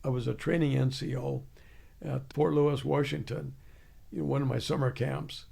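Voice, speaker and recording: A man's voice: medium pitch, steady tone, moderate pace, creaky, darkish tone, slightly rough. An older man, an army veteran, telling plainspoken stories in an interview and laughing along. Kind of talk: storytelling interview.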